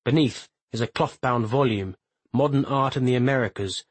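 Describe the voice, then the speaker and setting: A man narrates a literary novel in a measured, even reading. His voice is husky and sits at a middle pitch. The sound is close and dry. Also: dry recording, rough recording. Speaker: audiobook narrator. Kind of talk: scripted narration.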